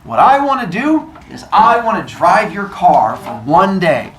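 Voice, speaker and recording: A young boy, eager and a little wounded, pushing his words out high and insistent, as a man puts him on. The pitch leaps around with excitement. It all echoes through a roomy space, with the mic some way off. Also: unhurried, distant mic, slight background noise, exaggerated voice. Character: young boy, eager and hurt, son of the sun.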